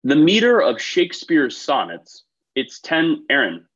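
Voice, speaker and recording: A man's voice: fairly high pitch, wildly swooping pitch, unhurried, fairly bright tone, slightly rough, dull audio. A man hosting a trivia quiz over a video call, reading questions and tossing in chatty, upbeat asides between them. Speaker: quiz show host.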